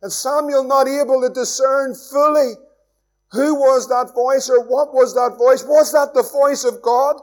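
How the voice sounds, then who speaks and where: High-voiced Northern Irish pastor preaching. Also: male voice, steady tone, measured pace. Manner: earnest preaching, swings from loud emphasis to hushed tones. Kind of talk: evening sermon.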